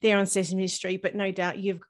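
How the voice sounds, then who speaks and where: A woman's voice: mid-range voice, level tone, normal speed. A woman with an Australian accent hosts a podcast interview in an upbeat, enthusiastic way. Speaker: podcast host. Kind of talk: casual interview chat.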